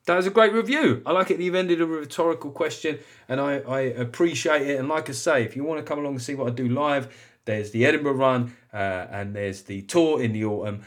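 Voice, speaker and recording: British male podcast host, mid-pitched, wry and chatty, laughs at himself. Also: brisk. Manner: chatty, wry, self-mocking, laughs often. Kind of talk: casual chat and reading listener reviews.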